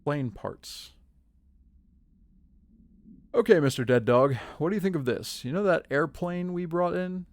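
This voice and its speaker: A man's voice: a little high, expressive, a little slow, long pauses, no echo. Chatty male game streamer. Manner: chatty, joking, talks to chat. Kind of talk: casual gaming livestream commentary.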